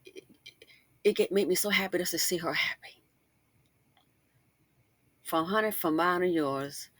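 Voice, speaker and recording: A middle-aged woman hosting a casual commentary monologue, chatty and animated, full of asides and emphatic rhetorical questions. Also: fairly low pitch, vocal fry, husky, no echo. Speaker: commentary channel host.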